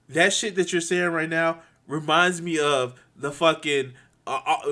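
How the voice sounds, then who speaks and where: A man ranting angrily to his viewers, swearing a lot, stumbling over restarts and swinging between quiet and loud. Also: a little high. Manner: profane, halting, many restarts. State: angry and frustrated. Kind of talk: angry unscripted rant.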